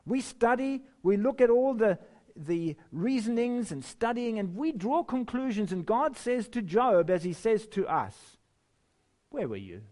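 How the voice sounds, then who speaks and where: Male preacher, slow deliberate sermon, animated rising and falling pitch, emphatic delivery. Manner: slow, emphatic, with wide swings in pitch and loudness; chuckles now and then. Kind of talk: sermon with scripture reading.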